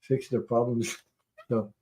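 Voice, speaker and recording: A man's voice: medium pitch, level tone, takes it slowly, warm tone, low-quality recording. A middle-aged man hosting a tarot livestream, chatting in a rambling way, laughing often and swearing casually. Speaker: tarot reader and livestream host.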